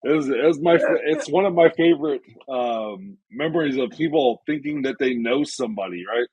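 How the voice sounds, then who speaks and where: Husky man on a dull, dry line. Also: medium pitch, normal speed, a little mellow, no echo. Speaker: podcast co-host. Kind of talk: casual chat.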